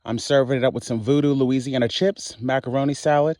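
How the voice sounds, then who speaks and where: A man's voice: medium pitch, a little fast. Sassy maryland guy doing a cooking video at home, mid voice, says honey a lot. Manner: sassy and animated, calls viewers honey and child, casual swearing. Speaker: cooking channel host. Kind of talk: casual cooking tutorial.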